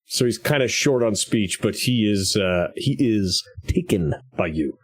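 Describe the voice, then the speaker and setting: A man narrating as game master of a tabletop role-playing game, lively and shifting between characters. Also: lowish voice, a little slow, husky. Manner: animated, shifts into character voices.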